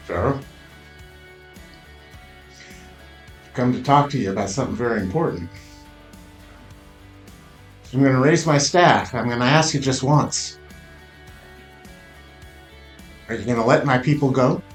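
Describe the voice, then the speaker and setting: A man's voice: mid-range voice, a little fast, long pauses, lightly acted. A man voicing Moses as a fervent, declaiming hill-country preacher, in a roomy echo over faint music. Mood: earnest.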